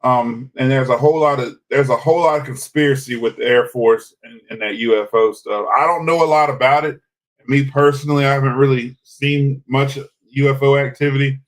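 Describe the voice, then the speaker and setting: A man's voice: mid-range voice, steady tone, a little fast. A man, chatting casually as co-host of a live podcast, rambling with hesitant restarts. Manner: rambling, hesitant restarts, defensive when teased. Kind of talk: casual live-stream chat.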